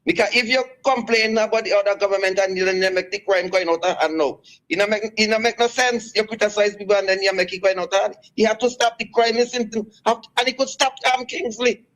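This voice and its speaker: Male radio caller over phone, high-pitched, halting and rambling. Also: a bit bright, rough recording. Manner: rambling, halting, many restarts. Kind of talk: call-in radio talk.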